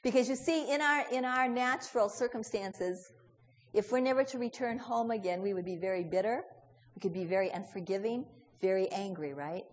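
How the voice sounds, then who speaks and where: A woman's voice: medium pitch, brisk, in a large hall. A woman preaching a storytelling sermon, asking her listeners many questions and voicing the characters in the story.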